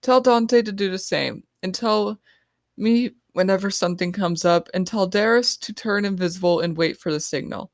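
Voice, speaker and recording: A woman voicing a young female team leader who gives quick, quiet orders. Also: mid-range voice, no echo, studio quality, lightly acted. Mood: urgent. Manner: hushed, hurried orders.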